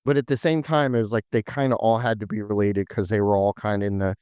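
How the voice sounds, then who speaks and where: A man's voice: lowish voice, steady tone, fast, a little mellow, smooth, dry recording, clean studio sound. A man hosting a casual podcast chat, rambling through game lore with lots of "like" and "um". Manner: rambling, full of "like" and "um".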